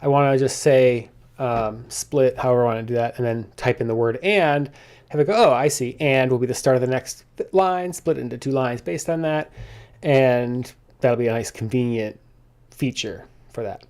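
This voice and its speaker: A man thinking aloud in a casual coding log as he walks through his software bugs, with lots of restarts and asides, keyboard typing behind him. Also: mid-range voice, moderate pace, clear, resonant tone. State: slightly out of breath.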